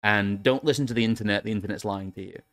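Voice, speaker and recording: A man's voice: fairly low pitch, quick pace, fairly bright tone, no room sound. A man from England hosting a casual political talk show, rambling with frequent restarts and laughs. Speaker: podcast host.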